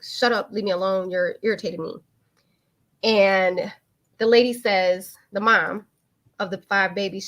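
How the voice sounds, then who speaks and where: A woman, hosting a live online talk and candidly telling a personal story in casual speech. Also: mid-range voice. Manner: candid, animated, swings into lively quoted voices.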